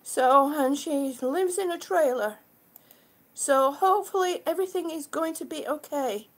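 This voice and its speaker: A woman's voice: high-pitched, a little slow. A woman hosting a casual live stream, a little out of breath, greeting her viewers effusively as sweetie and honey.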